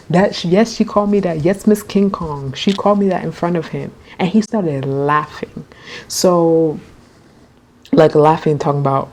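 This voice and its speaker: A young woman telling a storytime vlog, animated and chatty, full of fillers. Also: low-pitched, a little fast. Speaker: vlogger.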